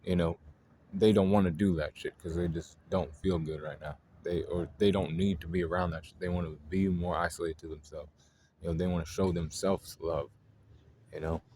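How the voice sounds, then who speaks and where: A man's voice: deep voice, fairly even intonation, moderate pace, mellow, slight background noise. A man hosting an astrology video, talking in a loose, rambling way, full of fillers and swearing. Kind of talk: casual spoken monologue.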